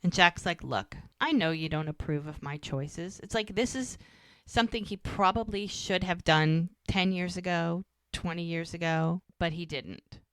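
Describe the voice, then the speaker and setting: A woman's voice: on the low side, measured pace, fairly bright tone, no echo. A woman co-hosting a podcast, casually recapping a TV episode and quoting the characters' lines as she goes.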